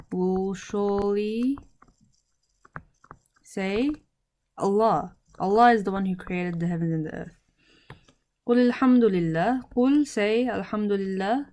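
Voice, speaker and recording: A woman teaching Arabic grammar in English, speaking slowly and deliberately and repeating each word with its meaning. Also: medium pitch, a little mellow.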